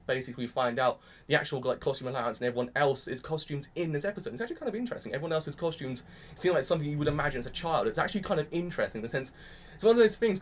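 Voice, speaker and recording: An excitable young man rattles off his thoughts on an anime episode in quick bursts. His voice sits a little high for a man, and he gushes with casual mild swearing throughout. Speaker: anime reviewer. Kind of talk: casual reaction commentary.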